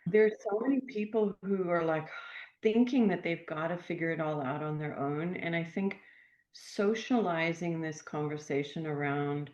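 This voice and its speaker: Earnest older woman author, echoey and dull. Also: sits low. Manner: reflective, earnest, warm enthusiasm. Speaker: author and podcast guest. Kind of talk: podcast interview. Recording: echoey, dull remote audio.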